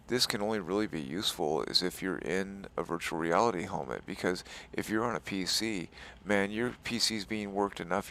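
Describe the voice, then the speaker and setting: A man's voice: sits low, vocal fry, sharp tone. A man hosting a game settings walkthrough, exasperated and rambling, calling the viewer "dude" and insisting he is staying chill. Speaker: gaming tutorial host.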